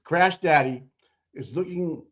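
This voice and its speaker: A man co-hosting a livestream, chatting excitedly about a trial with quick agreeing interjections. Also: a little high, highs cut off. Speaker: livestream co-host commenting on a trial. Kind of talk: casual live commentary.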